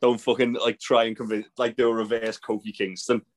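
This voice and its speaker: A co-host throws blunt, sweary comments into a casual wrestling chat. His voice sits at an everyday middle pitch. He delivers the lines flatly, like friendly banter. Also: brisk. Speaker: podcast co-host.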